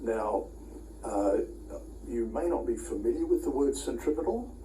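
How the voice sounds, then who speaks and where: Male lecturer, chatty with dry asides and lots of uhs; warm dark tone, distant mic in an echoey room with faint ambience. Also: medium pitch, lively intonation, measured pace, a little hiss or hum. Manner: conversational, with dry asides and frequent uh fillers. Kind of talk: recorded Bible college lecture. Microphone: camera recording.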